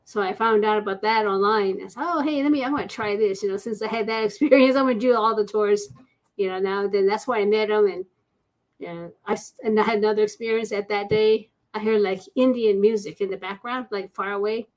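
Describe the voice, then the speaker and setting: A woman's voice: mid-range voice, steady tone, fairly quick. Chatty woman telling ghost stories. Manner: chatty, acts out quoted voices, laughs often. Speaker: guest paranormal investigator. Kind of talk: casual storytelling interview.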